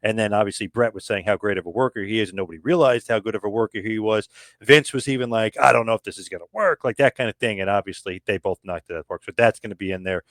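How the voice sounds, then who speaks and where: A man chatting as a podcast guest, racing along at a quick clip. He keeps restarting and acting out what others told him. His voice sits on a dry close mic with no room sound. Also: fairly low pitch, no room sound. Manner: animated, full of restarts and acted-out quotes. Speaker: podcast guest, book author. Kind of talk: casual podcast chat.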